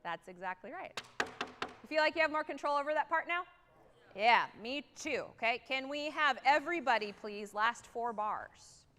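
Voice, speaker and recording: Energetic woman conducting a band rehearsal. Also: sits high, normal speed, soft background music. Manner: energetic, sings rhythms aloud. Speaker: guest conductor. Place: large theatre stage. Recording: reverberant hall.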